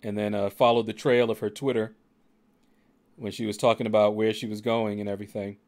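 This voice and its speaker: A man's voice: on the low side, flat delivery, fairly quick, darkish tone. Laid-back middle-aged man, dry humor. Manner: laid-back, dryly joking. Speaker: streamer hosting a gaming channel. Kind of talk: casual chat on a game stream.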